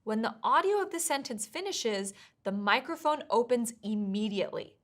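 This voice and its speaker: A woman explaining exam tasks as a test prep teacher in clear, measured scripted narration. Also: on the high side, lively intonation, fairly bright tone.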